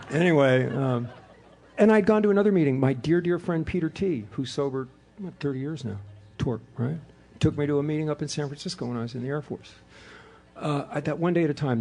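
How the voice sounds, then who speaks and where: Gravelly-voiced man telling a recovery story. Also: on the high side. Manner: animated storyteller, acts out quoted voices. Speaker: AA speaker. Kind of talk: recovery meeting talk, storytelling. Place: hotel meeting room before an audience.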